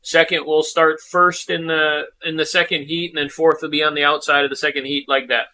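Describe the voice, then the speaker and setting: A man's voice: on the high side, level tone, a little fast, bright, forceful tone, a little hiss or hum. A man co-hosting a live sim race broadcast, laying out the race format in a matter-of-fact, step-by-step way.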